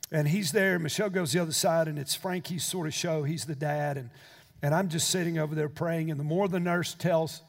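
Older male pastor, high voice, sermon storytelling that builds to fervent preaching, long hall reverb. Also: creaky.

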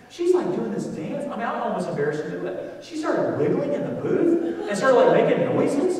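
A middle-aged male preacher telling a story in a sermon, swinging from quiet asides to loud excitement, recorded from far off in a large church hall. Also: very high voice, brisk.

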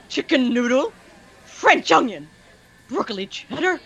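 A woman's voice: fairly high pitch, sing-song, slow, breathy edge, highs cut off. A woman reading a menu aloud with friends in a playful, giggly way, cracking jokes between items.

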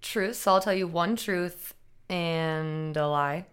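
Bubbly woman chatting as a podcast guest, animated, laughs easily. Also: lowish voice, slow pace, clear, resonant tone. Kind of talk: casual chat.

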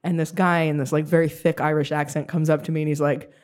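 A woman's voice: low voice, flat delivery, fast talker, darkish tone. A woman in her late thirties co-hosting a podcast, telling stories in a rambling, casual way and laughing often. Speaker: podcast co-host. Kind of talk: casual chat.

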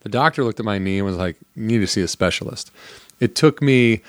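A man's voice: fairly low pitch, a little fast, no room sound. Rambling storytelling man, dry sound. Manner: rambling storyteller, acts out quotes. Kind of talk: casual comedic chat.

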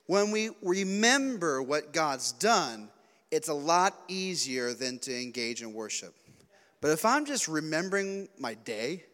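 A man preaching a youth sermon, telling animated stories, acting out quotes and joking along the way. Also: mid-range voice. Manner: animated storytelling, acts out quotes, jokey asides. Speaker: youth pastor. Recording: long hall reverb.

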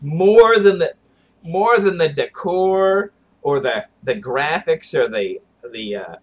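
Joking man, fairly high voice. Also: expressive, slow. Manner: joking, trailing off with fillers and mock quotes. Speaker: podcast co-host. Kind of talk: casual chat.

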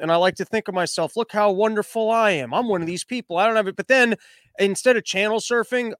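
High-voiced man rambling through a crude comedy bit. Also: fairly bright tone, no echo. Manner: rambling, crude, self-interrupting. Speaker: comedian host. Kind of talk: comedic podcast monologue.

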